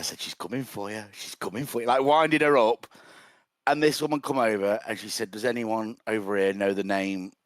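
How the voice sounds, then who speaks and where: A man's voice: lowish voice, dry recording. A young man, telling a funny anecdote in casual podcast chat with a dry, joking delivery. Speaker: podcast co-host. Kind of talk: casual storytelling.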